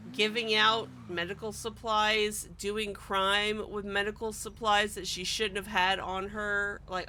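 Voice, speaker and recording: Woman streamer venting slow and sweary, bright sharp voice. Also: medium pitch, slight background noise. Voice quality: exasperated ranting, swears often. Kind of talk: casual roleplay stream chat.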